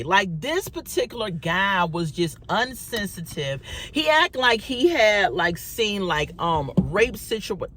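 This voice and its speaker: A woman's voice: on the low side, a bit bright. Woman storyteller, casual vlog delivery, conversational with fillers, in a car with faint vehicle noise. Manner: chatty, addresses viewers as y'all, many fillers. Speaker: vlogger.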